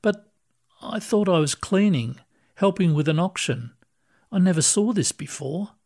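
This is a meek, retired woman's ghost, lost in soft surprise, as a man reads her in a storybook voice. Her questions come slowly and gently, pitched a little above his own speaking voice. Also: animated, heavily acted. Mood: puzzled.

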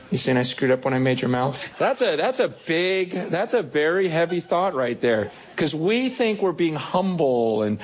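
A man preaches a sermon from the pulpit, his voice pitched a little high and slightly husky. He talks in an animated way and acts out the voices he quotes. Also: normal speed. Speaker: pastor.

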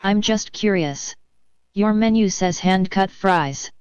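A synthetic woman's voice playing a robotic AI assistant that complains on a prank call, flat and insistent. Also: medium pitch, slow pace, dull audio, crowd noise, lightly acted. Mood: demanding. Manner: flat, literal, insistent questioning. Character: robotic female AI complainer, persistent and demanding.

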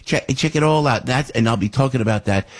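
A man hosting a political talk show, rambling and repeating himself in an animated way. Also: medium pitch, brisk. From New Jersey.

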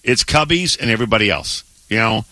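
Male sports radio co-host, excitable banter, bright voice, dry studio sound. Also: on the low side, fast talker, no room sound. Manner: excitable, stammering restarts. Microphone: studio microphone.

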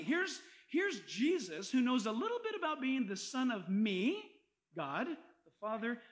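A man's voice: very high voice, big pitch swings, measured pace, rough recording. A man preaching a sermon as pastor, reading scripture and driving points home with rhetorical questions.

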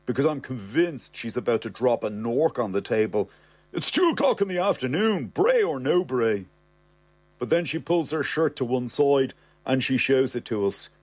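A man's voice: medium pitch, a little mellow, dry recording. A young man reading a comic story aloud in the first person, cocky and sardonic, full of wisecracks. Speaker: narrator.

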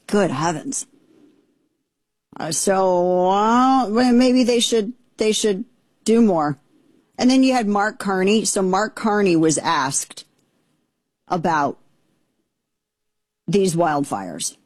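A woman's voice: mid-range voice, animated, slow, long pauses, a little mellow, no echo. A woman hosting political commentary, indignant and exasperated, rambling with frequent restarts. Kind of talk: opinionated commentary.

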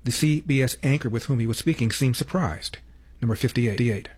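Male commentator, husky, dry sarcastic delivery, mid pitch. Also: normal speed, a little mellow. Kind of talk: political commentary.

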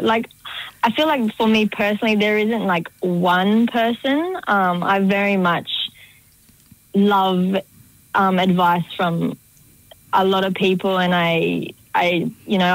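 A woman's voice: medium pitch, dry recording, poor audio. A young woman, a choreographer chatting in a radio interview, rambling and full of "like" fillers. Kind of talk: casual interview chat.

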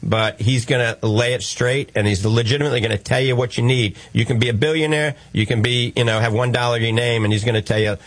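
A man's voice: mid-range voice, fairly even intonation, fast, few pauses. A man with a New Orleans accent hosting a call-in radio show, talking in a folksy, reassuring and jokey way. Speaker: radio show host, doctor.

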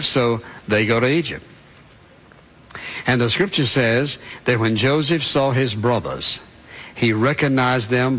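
A male preacher giving a sermon at an ordinary, mid-range pitch. He retells the scripture story in plain words and asks listeners to picture it as parents and as children. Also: a bit bright, rough recording.

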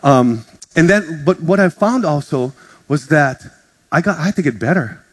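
A man's voice: a little high, animated, normal speed, slightly rough. A man preaching a sermon as pastor, telling stories in a casual, joking way and acting out the voices of others. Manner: casual storytelling, acts out voices, jokes with congregation. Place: church in front of a congregation. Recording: music playing under the speech. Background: music.

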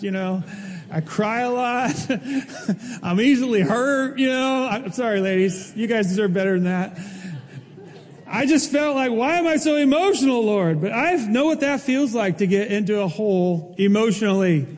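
A man's voice: high voice, darkish tone, in a large hall. A man, a pastor, delivering an emphatic, emotional sermon. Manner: emotional, emphatic preaching with rising intensity.

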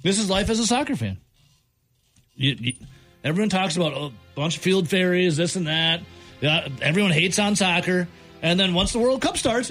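Sports radio host, male, high and swooping voice, sarcastic venting. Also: lively intonation, normal speed, pauses often, a bit bright, soft background music. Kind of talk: ranting sports talk.

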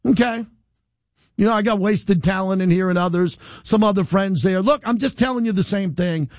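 Brief: male sports radio host, middle-aged, lighter high voice, defiant unscripted rant, dry studio sound. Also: normal speed, no room sound. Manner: animated, defiant, rambling without a script. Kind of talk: live radio monologue. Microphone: studio microphone.

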